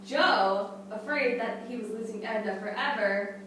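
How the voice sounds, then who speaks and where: Slow-speaking woman narrating. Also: a little high, fairly bright tone. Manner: measured narration, breaking into laughter. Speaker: workshop participant. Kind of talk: improvised group storytelling. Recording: echoey room, distant mic, background noise.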